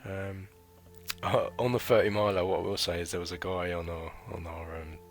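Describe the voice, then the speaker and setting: With soft music in the background, a British man in his thirties reminisces about his training as a military recruit in a casual vlog. He's rambling and chatty, heavy on slang and fillers, speaking at a moderate pace in a low voice with little pitch movement.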